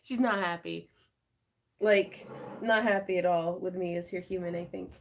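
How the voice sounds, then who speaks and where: A woman's voice: fairly low pitch, fairly even intonation, moderate pace, vocal fry, a little hiss or hum. A woman hosting a live craft stream, chatting in a bubbly, giggly way with her viewers and her cat. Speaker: craft channel host.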